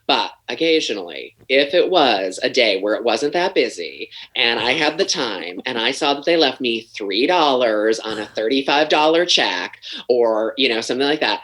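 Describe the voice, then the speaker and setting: Lively storytelling man with a wide-swinging pitch. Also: normal speed, hardly any pauses, low-quality recording. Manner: profane, self-mocking, acts out scenes. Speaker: podcast guest. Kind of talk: animated storytelling.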